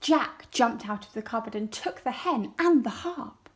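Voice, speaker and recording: A woman's voice: a little high, expressive. A woman teacher, reading a story aloud to young children and asking them questions. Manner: slow and clear, asks children questions. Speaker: primary school teacher.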